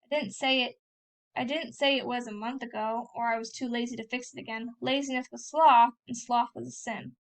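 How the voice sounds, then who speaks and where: A woman's voice: on the high side, fairly even intonation, normal speed. A woman reading a first-person novel aloud in a plain storytelling way. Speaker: reader.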